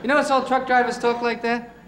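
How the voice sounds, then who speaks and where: A man's voice: extremely high pitch, little pitch movement, brisk, fairly bright tone. A male stand-up comedian telling stories with many chatty asides. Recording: roomy hall with faint noise.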